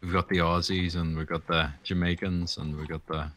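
A man's voice: deep voice, little pitch movement, moderate pace, fairly bright tone, slight background noise. A man co-hosting a casual game playthrough, laid-back and joking. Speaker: gaming co-host. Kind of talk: casual let's-play chat.

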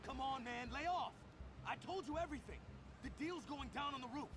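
A man's voice: extremely high pitch, fairly quick, noisy background. An actor playing a nervous male street informant who pleads, in a video game. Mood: pleading.

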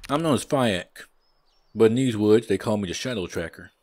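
A man's voice: low voice, expressive, takes it slowly, fairly bright tone, exaggerated voice. A man voicing a mysterious male forest huntsman in a put-on brogue, saying "aye, lad", for a video game. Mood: grandiose.

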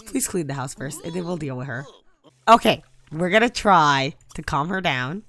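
A young woman giving casual gameplay commentary, exasperated and prone to loud outbursts. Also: low voice, expressive, normal speed. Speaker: gaming YouTuber.

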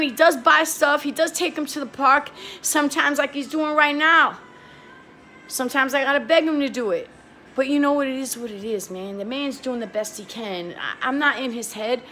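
A woman's voice: fairly high pitch, bright, forceful tone, slight background noise. A young woman talking straight to her viewers, heated and pleading, swearing and repeating herself. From New York. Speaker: vlogger. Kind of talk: emotional talk to camera.

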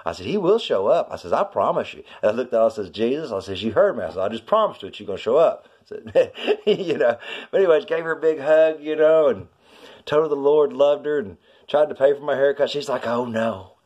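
A man's voice: quick pace, husky. Rambling middle-aged man. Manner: rambling, repeats "I says" and "you know"; voice climbs high when excited. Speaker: vlogger telling a witness story. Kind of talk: casual storytelling testimony.

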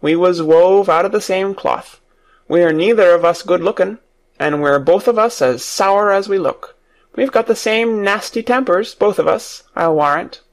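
A man's voice: high voice, measured pace. A man voicing a surly, blunt old male gardener in an audiobook, speaking in a rustic dialect.

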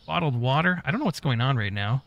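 A man's voice: mid-range voice, animated, fast talker, vocal fry, fairly bright tone, dull audio, slight background noise. A man giving casual gameplay commentary, muttering to himself as he goes and swearing often. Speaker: gaming YouTuber.

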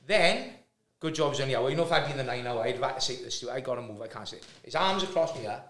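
A man's voice: mid-range voice, racing. A man telling a funny travel story in casual chat, acting out the other people's voices. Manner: animated anecdote-telling with voiced impressions. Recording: roomy echo.

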